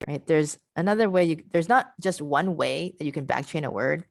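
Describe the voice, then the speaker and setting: A woman's voice: sits low, a little fast, hardly any pauses, darkish tone, dry recording, studio quality. A woman presenting an online teacher workshop over a video call, patient and repeating her key points.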